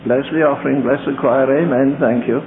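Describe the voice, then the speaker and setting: A man preacher putting on a church deacon who mumbles a flat, rote prayer. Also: mid-range voice, brisk, voice pushed down, lightly acted. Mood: mocking. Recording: tinny, echoey hall recording.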